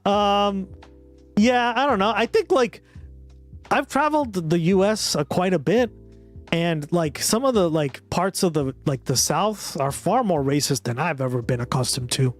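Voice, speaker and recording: Rambling Boston streamer with music behind. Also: male voice, sits high, lively intonation, measured pace. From Boston area. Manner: rambling, filler-heavy, laughs a lot. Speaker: streamer host. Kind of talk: casual livestream chat.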